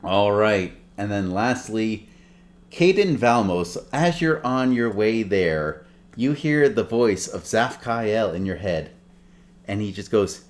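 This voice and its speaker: Low-voiced male game master, relaxed, casual narration. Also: slow. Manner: relaxed, filler-heavy narration. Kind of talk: running a tabletop game.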